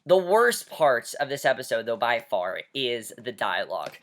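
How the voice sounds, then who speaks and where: A vlogger rants casually about a TV episode in a mid-pitched voice. The delivery is exasperated and mocking, with frequent swearing and a habit of repeating "honestly". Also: sing-song, moderate pace, a bit bright. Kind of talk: casual rant.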